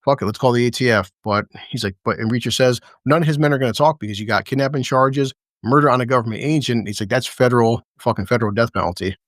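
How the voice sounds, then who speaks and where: A man's voice: mid-range voice, quick pace, few pauses, no room sound. Male streamer, loose profane recap talk, frequent laughter, dry mic. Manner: rambling, profane, laughing often. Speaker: show recap host. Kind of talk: casual livestream episode recap.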